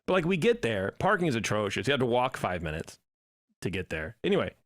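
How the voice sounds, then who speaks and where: This podcast co-host talks fast in a mid-range voice, recorded with clean studio sound and no echo. Chatting casually, he spins an animated story and performs the quoted lines himself.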